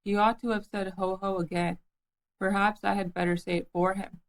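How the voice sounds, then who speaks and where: A woman voicing a small, timid piglet who talks nervously and squeakily. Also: little pitch movement, normal speed, natural voice, poor audio.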